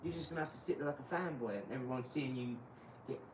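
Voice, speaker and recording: A young man streaming live from his garage, mocking and trash-talking a viewer with sudden loud outbursts. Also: mid-range voice, lively intonation, fast talker, recorded from a distance, background noise. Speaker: livestreamer. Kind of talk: live stream chat while boxing.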